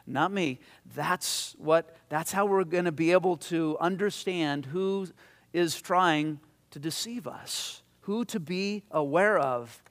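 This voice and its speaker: A slightly high-voiced man, likely a pastor or Bible teacher, shares a story at a midweek Bible study. He talks conversationally, repeats himself, and becomes increasingly emphatic as he makes his point.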